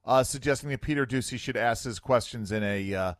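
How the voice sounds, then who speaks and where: A man's voice: mid-range voice, a little fast, dry recording, clean studio sound. A man hosting a talk radio show, giving wry commentary with lots of fillers. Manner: wry, animated, filler-heavy. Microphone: studio microphone.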